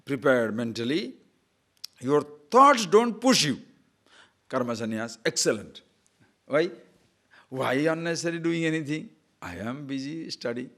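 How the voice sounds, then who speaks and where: An older man gives a spiritual teaching talk, telling stories in an animated way and laughing often. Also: fairly high pitch. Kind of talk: scripture talk.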